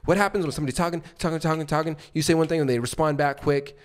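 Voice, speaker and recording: A man's voice: fairly high pitch, rapid-fire. A man co-hosting a podcast, explaining sales techniques in loose casual talk full of fillers and restarts, often acting out short examples. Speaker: podcast co-host and sales coach.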